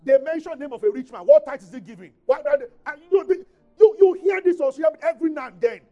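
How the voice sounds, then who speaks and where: High-voiced Nigerian pastor preaching. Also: male voice, fast, dull audio, faint music behind. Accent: Nigerian English. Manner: preaching with swings from loud emphatic reading to quiet asides. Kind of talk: sermon.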